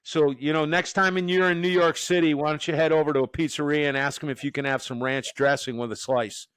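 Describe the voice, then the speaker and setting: A man's voice: on the high side, fairly even intonation, fairly quick, fairly bright tone, clear, resonant tone, no room sound. A man from the Northeastern US hosting a podcast as a professor, joking and rambling with many restarts. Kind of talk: casual podcast chat.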